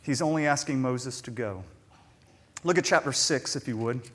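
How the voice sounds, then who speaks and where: A man preaching a sermon, animated, acting out the voices of the figures he reads about and shifting between quiet and loud. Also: mid-range voice, moderate pace. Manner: animated, acts out biblical voices with shifting loudness. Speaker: pastor.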